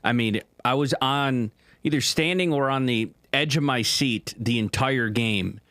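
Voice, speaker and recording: Guy on a podcast, mid-pitch voice, dry close mic, keeps restarting his sentences. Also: fairly bright tone, no room sound. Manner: halting, restarts often, laughs while talking. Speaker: podcast co-host. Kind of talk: casual chat.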